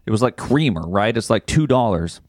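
A man co-hosting a casual podcast, telling a profane, angry story about a store trip and shouting out his frustration. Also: lowish voice, expressive, a little fast, no room sound, studio quality. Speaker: podcast co-host. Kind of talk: casual chat.

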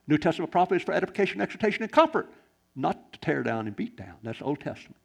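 Gravelly-voiced preacher. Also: male voice, fairly high pitch, rapid-fire. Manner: animated preaching, swings from loud exclamations to hushed quiet. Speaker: pastor. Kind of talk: sermon.

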